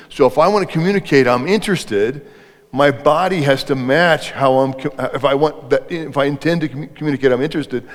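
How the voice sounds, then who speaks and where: A middle-aged man speaking on leadership at a live event, talking conversationally and putting questions to the audience. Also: on the high side. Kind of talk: interactive live talk to an audience. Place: event hall before an audience. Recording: reverberant hall.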